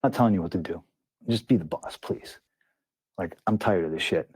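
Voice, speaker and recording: A man's voice: deep voice, a little fast, darkish tone, breathy edge, no echo. A man as an interview guest, telling a story bluntly with plenty of swearing and acted-out quotes.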